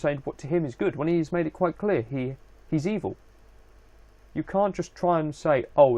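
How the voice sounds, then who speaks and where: A man's voice: medium pitch, darkish tone. A young man giving casual let's-play commentary, rambling and easily frustrated, with lots of restarts. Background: game music.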